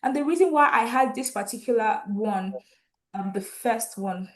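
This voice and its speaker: A woman's voice: on the high side, moderate pace. Upbeat woman hosting an online ceremony. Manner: enthusiastic, reads out viewer comments and names. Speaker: host of an online graduation ceremony. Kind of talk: lively live-stream hosting.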